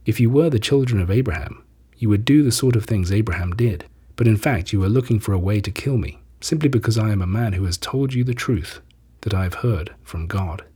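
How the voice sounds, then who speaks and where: A man reading as Jesus, solemn and husky. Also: on the low side, mellow. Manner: measured, solemn. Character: Jesus, a calm, authoritative teacher, adult man. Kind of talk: scripture reading.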